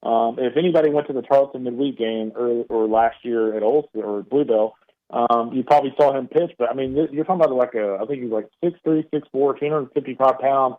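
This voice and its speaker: A man with an East Texas drawl calls in as a baseball analyst and talks through his picks in a loose, rambling way, with plenty of fillers and restarts. His mid-range voice comes through a thin, tinny phone line. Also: mid-range voice. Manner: loose, filler-heavy talk with many restarts. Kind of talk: radio interview commentary. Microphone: phone call into studio.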